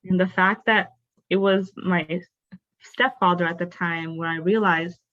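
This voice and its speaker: A woman's voice: fairly low pitch, steady tone, measured pace. A young adult woman, a podcast guest, telling her personal story candidly and expressively, with lots of "like" fillers. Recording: dull, dry, lo-fi sound.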